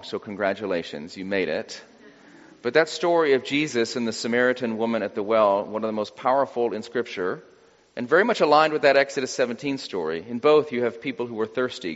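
A man preaching a sermon in a relaxed, conversational way, with wry humor. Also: lowish voice. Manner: conversational, acts out quoted voices with wry humor. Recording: dull sound with long hall reverb.

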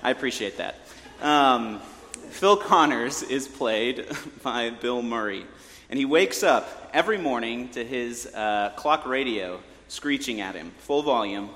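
A man's voice: medium pitch, lively intonation, a little slow, fairly bright tone. A man preaching a sermon from the pulpit in a conversational way, with joking asides to the congregation. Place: church sanctuary. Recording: long church reverb.

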